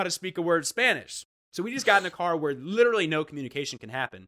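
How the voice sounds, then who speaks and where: A man telling a funny story in casual chat, animated and acting out the voices he quotes. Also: a little high, fast. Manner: animated, acts out quoted voices, restarts often. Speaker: guest storyteller.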